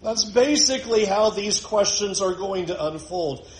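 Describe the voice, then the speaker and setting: Male Bible teacher, high voice, expressive with dramatic pauses, echoey room. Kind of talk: verse-by-verse Bible lesson.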